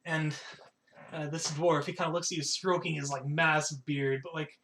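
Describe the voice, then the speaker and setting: A man's voice: fairly high pitch, little pitch movement, moderate pace, fairly bright tone, slight background noise. A man narrating a tabletop game as game master, rambling with lots of fillers.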